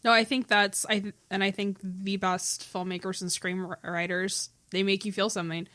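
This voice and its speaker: Host: woman, mid-pitched, casual and wry, keeps the chat moving. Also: little pitch movement, normal speed, bright, forceful tone. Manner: easygoing, joking, asks questions. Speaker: podcast host.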